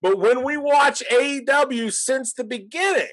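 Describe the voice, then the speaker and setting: A man co-hosting a wrestling podcast, talking in a rambling, animated way and laughing often. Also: very high voice, a little slow, poor audio. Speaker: podcast co-host. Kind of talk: casual wrestling podcast chat.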